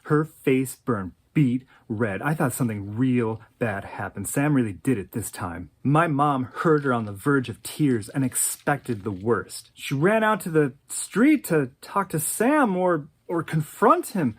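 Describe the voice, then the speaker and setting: A woman in her forties tells a personal memory in an animated, dramatic way, stammering as she restarts her sentences. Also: a bass voice, a little slow, hardly any pauses, husky. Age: 40s. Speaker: oral history interviewee. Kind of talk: personal storytelling.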